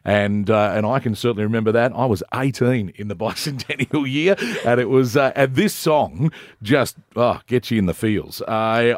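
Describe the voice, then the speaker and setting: A man's voice: mid-range voice, moderate pace, no echo. A man in his fifties hosts a radio interview from a studio, upbeat and chatty, with frequent filler sounds. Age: 50s. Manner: enthusiastic, many "uh" fillers. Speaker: radio host. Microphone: studio microphone.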